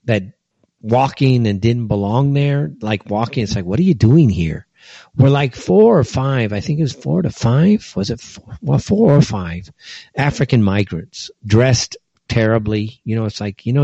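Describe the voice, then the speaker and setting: A man's voice: medium pitch, mellow, dry recording. A man from California, talking in a loose, rambling monologue full of fillers and little acted-out asides. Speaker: commentator. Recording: dull, dry lo-fi recording.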